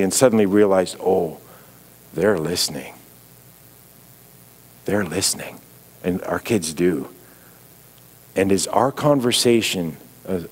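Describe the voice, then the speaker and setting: A middle-aged man with a Canadian accent speaks from the pulpit in a slightly low voice. His sermon is earnest and reflective, and he drops softer when he quotes a phrase. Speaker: guest speaker.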